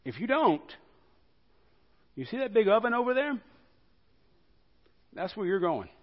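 A man's voice: high voice, very animated, unhurried, pitched above the performer's own voice, full character voice. A preacher playing an angry ancient king who gives blunt, threatening orders, in a dull lo-fi recording.

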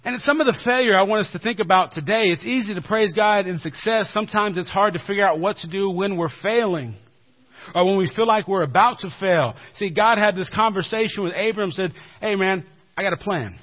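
A male pastor giving a sermon in a conversational way, dropping to a hushed low voice for emphasis. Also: fairly quick. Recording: dull lo-fi recording.

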